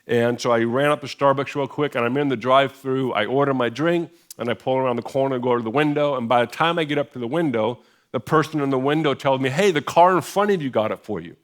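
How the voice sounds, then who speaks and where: A middle-aged man from the United States preaches from a church platform. He tells a personal story in a relaxed, conversational way and pokes fun at himself. His voice sits at an average pitch. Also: quick pace. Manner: conversational, self-deprecating humor. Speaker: pastor. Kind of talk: sermon storytelling. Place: church sanctuary.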